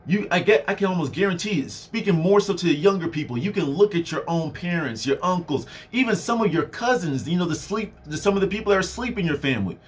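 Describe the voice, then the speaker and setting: A young man giving a casual motivational talk, animated and conversational, full of fillers, swinging his voice up and down for effect. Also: sits high, fast talker, hardly any pauses. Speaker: motivational speaker.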